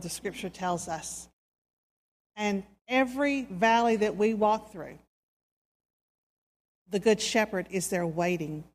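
A woman preacher giving a sermon, telling a story in a slow, soft, dramatic way. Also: lowish voice. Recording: reverberant hall.

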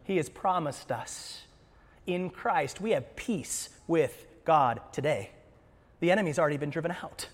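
Animated male preacher, high voice, acts out scripture; long church reverb. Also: a little slow, husky. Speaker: pastor. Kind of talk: sermon.

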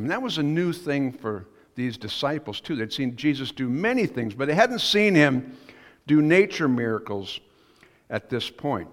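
A man's voice: medium pitch, sing-song, moderate pace. A man preaching a sermon as pastor, telling a story in a conversational, musing way. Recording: long reverb of a church hall.

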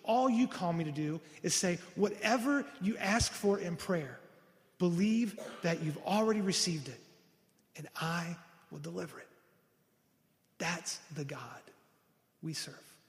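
High-voiced preacher in a reverberant hall. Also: male voice, unhurried. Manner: animated storytelling, acting out the voices of the people in his story. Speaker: pastor. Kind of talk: sermon.

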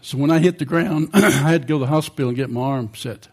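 A man's voice: mid-range voice, quick pace, darkish tone, husky. An older man preaching a sermon in a conversational way, often asking the congregation questions.

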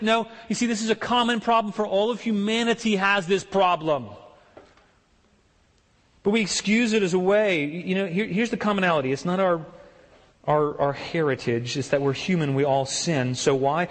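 A man preaching a sermon with emphatic delivery, rising high when he mimics people's excuses. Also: normal speed. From partly German heritage. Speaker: pastor. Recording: long hall reverb.

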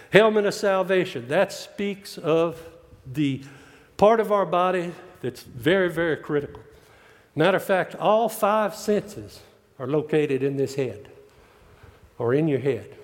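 A man's voice: a little high, animated, moderate pace. A man preaching a sermon, folksy and joking, drawing out his emphatic lines. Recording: long hall reverb.

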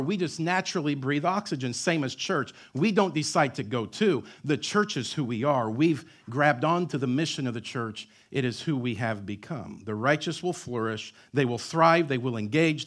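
A man's voice: fairly high pitch, lively intonation, normal speed, few pauses. A male pastor in his thirties preaching a sermon in a church, with emphatic repetition and joking asides.

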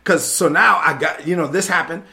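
A man from Brooklyn and the Dominican Republic, a preacher telling his personal testimony in an animated way, often asking "right?". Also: a little high, fairly quick, creaky. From Brooklyn, New York and the Dominican Republic.

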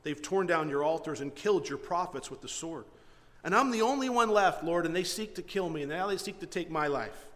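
A man's voice: fairly high pitch, expressive, a little fast, a bit bright. A man voicing a whiny, self-pitying male prophet, recorded with a long hall reverb.

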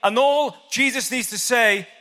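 A male preacher delivers a sermon, retelling a story with animation and tossing questions to the crowd. His voice sits high and bright, and a long hall reverb follows each phrase. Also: a little slow.

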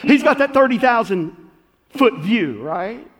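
A man preaching a sermon as pastor, telling folksy stories that build to loud peaks. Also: very high-pitched, a little slow. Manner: folksy, animated storytelling with rising shouts. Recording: long hall reverb.

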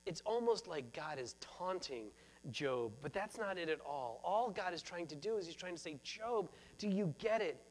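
A man's voice: a little high, lively intonation, normal speed. A man preaching a sermon as pastor, earnest and repeating phrases for emphasis.

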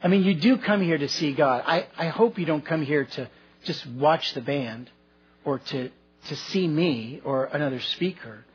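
A man's voice: a little high, normal speed, breathy edge, dull audio. A man preaching a sermon as pastor, telling folksy stories with self-deprecating humor.

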